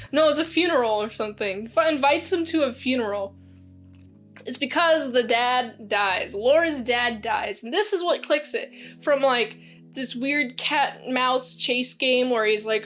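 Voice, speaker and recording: A woman giving a casual spoken movie review, rambling with lots of fillers and acting out lively quotes. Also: high-pitched, unhurried, soft background music.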